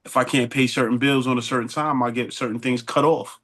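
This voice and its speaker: Halting man in casual chat. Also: medium pitch, steady tone, fairly bright tone. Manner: halting, repeats words, preacher-like phrasing.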